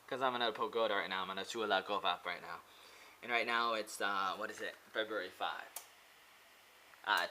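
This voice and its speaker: A man's voice: mid-range voice, a little fast, bright, forceful tone, rough recording. A man vlogging from a pagoda in a rambling, casual monologue. He hesitates often, with many fillers and restarts.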